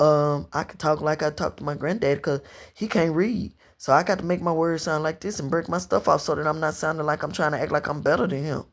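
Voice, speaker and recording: A woman in her fifties from Louisiana with a Southern accent, telling long personal stories to camera in an unhurried, rambling way. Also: low-pitched, a bit bright. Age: 50s. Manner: unhurried storytelling, drawn-out phrasing, slips into dialect and quoted voices. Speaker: vlogger.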